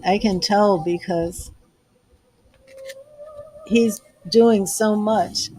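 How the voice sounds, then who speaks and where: Slow, husky-voiced woman tarot reader. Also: medium pitch, a little mellow, poor audio. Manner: effusive, emotional, laughs often. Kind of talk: live tarot reading.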